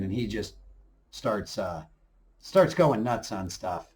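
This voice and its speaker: A man hosting a TV review channel, talking casually and excitedly, acting out scenes and swinging from low mutters to loud bursts. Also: takes it slowly.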